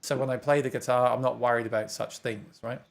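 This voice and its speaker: Hosting a guitar livestream, this English-accented man from England chats casually, reads out viewer comments, and laughs frequently. He has a medium pitch, a steady tone with some vocal fry, and a slightly fast pace.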